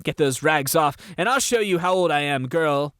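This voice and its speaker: Guy reading a coarse leering guard, smooth voice, dry and close. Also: fairly high pitch, animated, normal speed, fairly bright tone, no room sound. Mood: gruff. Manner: coarse and swaggering. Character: crude, lecherous male guardsman. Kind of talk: audiobook character voice.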